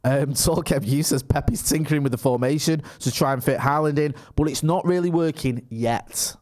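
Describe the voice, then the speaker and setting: A man's voice: a little high, normal speed, darkish tone. A man in his thirties co-hosting a casual live stream, chatting and reading out viewer comments with frequent laughs. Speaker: podcast co-host reading live chat.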